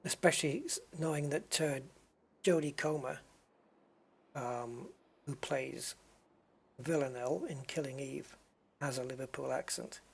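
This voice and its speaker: A man's voice: mid-range voice, measured pace, creaky, long pauses, slightly rough. A man streaming a space game, chatting loosely with viewers, rambling and poking fun at himself as he answers their messages. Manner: rambling and self-mocking, reads and answers chat. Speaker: gaming streamer. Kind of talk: casual live-stream chat.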